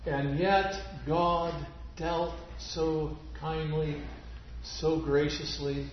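A man delivers a sermon at a very slow, measured pace, letting key phrases sink to a near-whisper. His voice sits a little high, and the recording is muffled and echoes heavily through a large room. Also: level tone, a little hiss or hum. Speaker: preacher.

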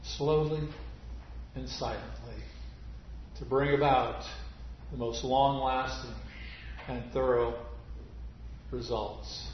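A man preaching a sermon, slow and deliberate, dropping to near-whisper on key phrases. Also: mid-range voice, steady tone, a little hiss or hum. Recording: muffled, very echoey church recording.

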